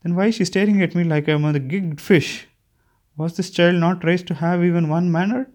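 A man voicing an imperious, sharp-tongued elderly woman who is growing confused, speaking in a querulous, haughty manner. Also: mid-range voice, expressive, moderate pace.

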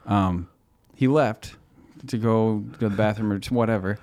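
A man hosting a podcast, chatting casually and telling stories in an animated way, laughing often as he goes. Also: lowish voice, normal speed, clean tone. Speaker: podcast host. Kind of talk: casual chat.

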